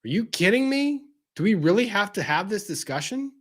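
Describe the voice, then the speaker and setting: A man hosting a show, delivering a heated, profane rant that swings between loud outbursts and low, intense repetition. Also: big pitch swings, fairly quick. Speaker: show host. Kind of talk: ranting commentary.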